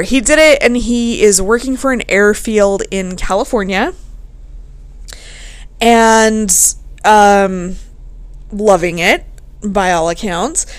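A woman hosting a casual podcast, telling a story in a profane, animated way and laughing often. She is a bit tipsy. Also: mid-range voice. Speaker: podcast host.

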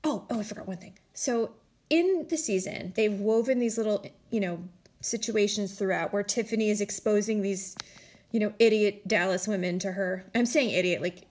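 A woman casually recapping a reality show, chatty and animated, acting out what people said in exaggerated voices. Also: mid-range voice, moderate pace. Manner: animated storytelling, acts out quotes in exaggerated voices; chatty, heavy use of "like" and "you know". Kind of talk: casual chat.

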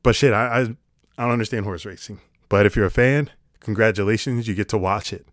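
A man's voice: lowish voice, a little fast, no room sound, studio quality. A man talking to camera in a casual comedic monologue, sarcastic and rambling, swearing casually. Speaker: vlogger.

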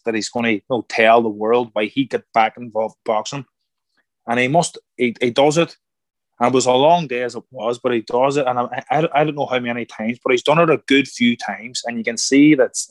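A man telling a story in an interview as a guest, animated and acting out the voices of people he quotes. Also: medium pitch, fairly quick, dry recording. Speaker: guest, former boxer turned actor.

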